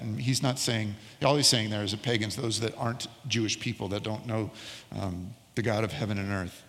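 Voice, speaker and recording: A middle-aged man preaching a sermon as pastor, telling a personal story and slowing down to stress key words. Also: lowish voice, fairly even intonation, a bit bright, big-room sound. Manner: storytelling, slows down for emphasis.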